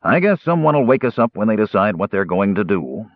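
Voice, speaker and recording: A man voicing a big, weary warrior who talks gruffly and sternly. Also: on the low side, sing-song, brisk, dry recording. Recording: tinny phone-like dry recording.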